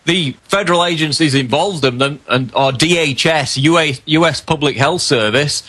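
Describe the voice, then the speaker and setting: A man's voice: a little high, normal speed, pushed and bright. A man on a talk radio show, indignantly quoting from a document he has reported on. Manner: indignant, reading quotes from a document.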